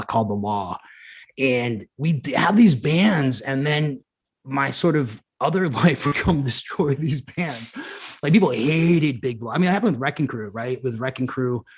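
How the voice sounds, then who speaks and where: A man's voice: medium pitch, lively intonation, normal speed, breathy edge. A man, a former punk musician turned showrunner, telling rambling stories in casual podcast conversation, full of "like" and restarts.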